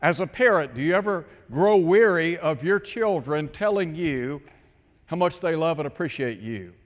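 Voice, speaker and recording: A man's voice: a little high, expressive, big-room sound. A man preaching a sermon, asking his listeners rhetorical questions and quoting scripture. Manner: slow, deliberate, rhetorical questions.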